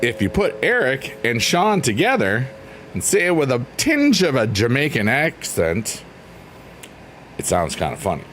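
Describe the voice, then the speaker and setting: A man's voice: mid-range voice, huge pitch swings, unhurried, background noise. A man casually chatting on a livestream, reading out chat messages in a rambling, playful, teasing way. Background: faint piano music.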